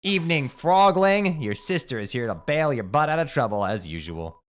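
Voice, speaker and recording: Animated man voicing game dialogue. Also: fairly quick, soft background music. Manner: animated, swings between loud outbursts and low mutters. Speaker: gamer reading game dialogue aloud. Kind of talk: voiced game playthrough.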